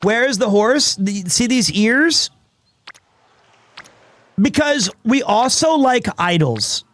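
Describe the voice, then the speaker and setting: A man's voice: very high voice, big pitch swings, slow, fairly bright tone. A man chatting casually on a gaming live stream, telling rambling stories with lots of restarts. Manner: rambling anecdotal storytelling with many restarts.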